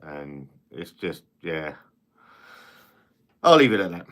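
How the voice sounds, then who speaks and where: A man's voice: low-pitched, animated, takes it slowly, long pauses, a bit bright. A man hosting a casual live stream, chatting, reading viewer comments, and rambling with frequent restarts and the odd swear word.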